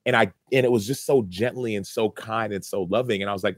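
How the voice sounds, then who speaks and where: A man's voice: fairly low pitch, quick pace, no echo. A man in his thirties, a former football player, earnestly recounting a personal story in an interview, with many restarts.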